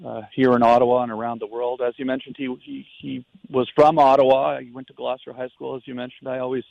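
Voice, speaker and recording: A Canadian man with a gravelly voice speaks over a muffled phone line. He sounds earnest and halting and often restarts his phrases. The sound is dry, with no room echo. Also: mid-range voice, little pitch movement. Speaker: guest calling in. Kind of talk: phone-in tribute.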